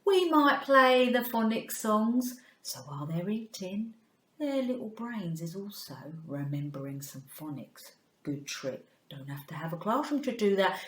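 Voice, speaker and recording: A woman's voice: fairly high pitch, expressive, normal speed, reverberant. A woman teacher leading a children's phonics lesson, playful and coaxing, chatting to a puppet and often dropping to a whisper.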